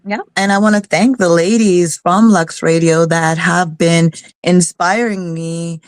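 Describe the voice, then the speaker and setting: A woman's voice: fairly low pitch, steady tone, a little slow, dry recording. A woman hosting a casual online radio chat, blunt and salty-humored. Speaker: host.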